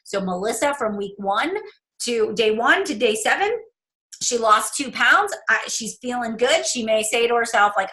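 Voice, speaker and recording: Over a rough recording, a woman with a sharp, somewhat high voice and a moderate pace leads a group call as a business coach. Her style is casual and talkative; she muses aloud and tags many remarks with "right?"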